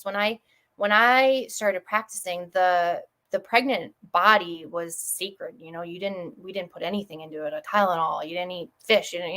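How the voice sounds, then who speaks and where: A woman from Connecticut chats as a broadcast guest, rattling through her patient stories at a quick clip. She talks in a warm, effusive rush, with a mid-range voice for a woman. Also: medium pitch. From Connecticut, USA. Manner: fast-talking, chatty, effusive. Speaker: chiropractor guest. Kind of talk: casual storytelling on a broadcast.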